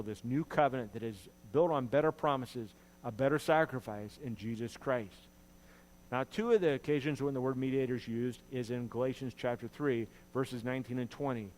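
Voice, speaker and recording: A man's voice: mid-range voice, darkish tone, a little hiss or hum, poor audio. Earnest male pastor preaching a sermon. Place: church.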